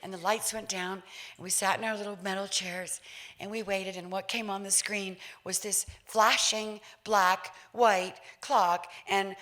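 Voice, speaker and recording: A woman in her sixties giving a public talk, telling a personal story in an animated way and acting out voices with laughs. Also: mid-range voice, unhurried. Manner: lively, acts out voices, laughs while telling. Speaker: featured speaker.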